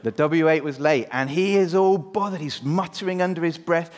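A man with a notably high voice preaching to a church congregation, telling a story and asking the room questions as he goes. His voice carries into a long, reverberant hall. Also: moderate pace, hardly any pauses. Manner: lively, engaging the congregation with questions. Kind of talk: all-age church talk with storytelling.

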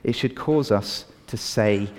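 A man's voice: fairly low pitch, slow. A man preaching an all-age sermon, asking the congregation questions and leading a prayer. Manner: animated, asks the congregation questions. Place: church hall. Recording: reverberant church hall.

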